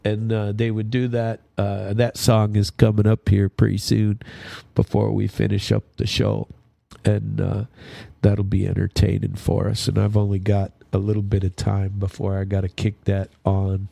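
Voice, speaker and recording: A man's voice: lowish voice, completely flat delivery, moderate pace, creaky, warm tone, dry recording. A man hosting his own radio show, rambling through news commentary with many fillers and restarts. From Minnesota. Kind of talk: casual news commentary monologue.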